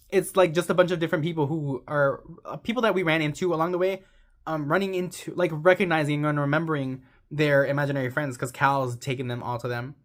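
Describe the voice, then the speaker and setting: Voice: medium pitch, fairly bright tone. A young adult giving a casual, rambling movie recap, gushing and sentimental, saying "like" constantly. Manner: rambling, heavy use of "like". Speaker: movie reviewer.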